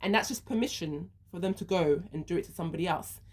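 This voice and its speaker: A woman's voice: lowish voice, quick pace, a little mellow, breathy edge. A woman speaking her views in an earnest monologue, walking through a hypothetical first-person story step by step. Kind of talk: reflective monologue.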